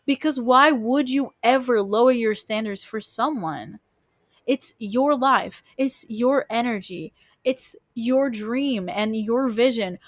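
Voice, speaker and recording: A woman hosting a podcast, giving casual relationship advice in a frank, emphatic way, swearing often and filling pauses with "like" and "you know". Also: on the high side, no room sound, clean studio sound. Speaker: podcast host.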